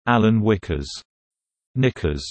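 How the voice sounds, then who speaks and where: A man reading slang terms and their meanings in a measured, deliberate teaching delivery. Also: fairly low pitch, lively intonation, no room sound. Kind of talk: slow explanatory reading of word pairs.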